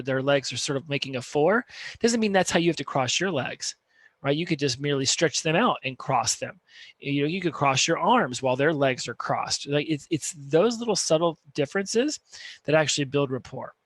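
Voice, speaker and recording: A man's voice: mid-range voice, no room sound. A man coaching on communication in a conversational instructional talk, often checking in with "right?". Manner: conversational, peppers points with "right?".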